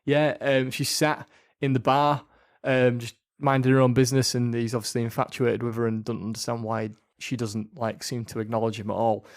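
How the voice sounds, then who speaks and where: A man chats casually on a podcast in an ordinary, middle-pitched voice. He rambles a bit, filling gaps with ums and circling back to finish his points. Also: flat delivery, moderate pace. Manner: rambling, many fillers and restarts. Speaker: podcast co-host. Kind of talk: casual chat.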